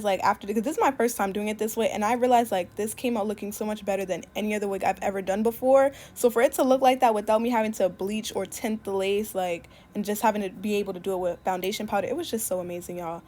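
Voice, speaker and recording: A young woman talks through a wig install in a relaxed voice-over. She speaks quickly and keeps dropping "like" between her thoughts. Her voice sits at an ordinary middle pitch, with a faint hiss behind it. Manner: chatty, fast, many "like" fillers. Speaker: beauty YouTuber. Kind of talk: casual voice-over tutorial. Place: home, voice-over recorded separately.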